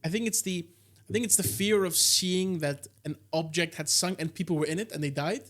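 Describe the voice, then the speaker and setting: A man's voice: sits high, a little fast, fairly bright tone. A young man co-hosting a podcast, talking emphatically in casual chat. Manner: emphatic, says bro a lot.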